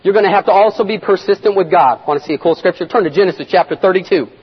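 A man preaching a sermon in a dramatic manner, swinging between loud shouts and near-whispers. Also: high voice, racing, husky. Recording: echoey hall, dull lo-fi sound.

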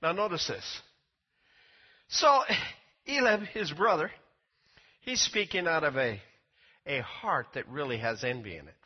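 A male preacher with a high, husky voice delivers a sermon, reading scripture aloud and driving his points home with rising force. The recording is dull and lo-fi. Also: lively intonation, unhurried, pauses often. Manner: preaching with rising volume and emphatic peaks. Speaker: pastor.

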